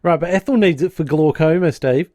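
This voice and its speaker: A man's voice: a little high, a little mellow, dry recording. A man chatting casually as a podcast co-host, retelling a sitcom episode and acting out the characters' lines. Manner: acts out characters' lines in quick impressions.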